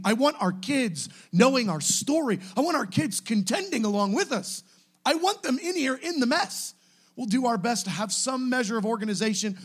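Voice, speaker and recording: A man preaching to his church, impassioned and exhorting, swinging from quiet pleading to shouting. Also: high-pitched, husky. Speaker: pastor. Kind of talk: sermon.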